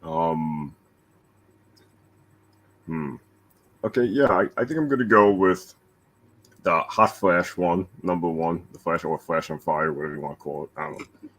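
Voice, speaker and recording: A man's voice: low voice, unhurried, long pauses, fairly bright tone. A man on a casual panel, hesitant and full of fillers as he picks his choices. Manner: hesitant, many fillers, self-deprecating. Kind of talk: casual group discussion.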